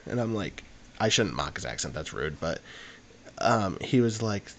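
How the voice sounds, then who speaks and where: A young man tells a meandering story on a podcast. His voice sits a little low, and he piles on fillers as he talks in a loose, chatty way. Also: fast talker. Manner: rambling, animated anecdote with frequent fillers. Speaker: podcast co-host. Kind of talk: casual storytelling chat.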